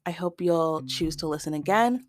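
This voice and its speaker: A young woman hosting a podcast, telling a comic story in an animated, exasperated way with big jumps in pitch. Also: moderate pace. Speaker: podcast host. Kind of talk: comedic storytelling monologue.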